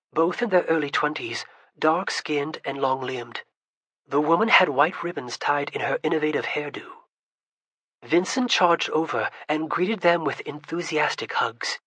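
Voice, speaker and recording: A man doing steady scripted narration of a fantasy audiobook. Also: on the high side, breathy edge, no echo.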